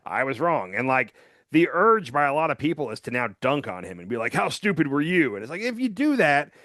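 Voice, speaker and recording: A man co-hosting a political podcast, talking casually and acting out quotes in a lively way. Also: mid-range voice, no room sound, clean studio sound. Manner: animated, quick to act out quotes. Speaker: podcast co-host.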